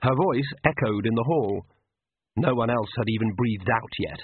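A man narrating an audiobook in an expressive, measured way. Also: mid-range voice, slight background noise. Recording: tinny phone-like, dry audio.

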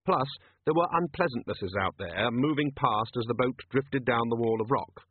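Husky man narrating an audiobook. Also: medium pitch, moderate pace, dry recording. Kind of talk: audiobook narration doing character voices. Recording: tinny lo-fi dry recording.

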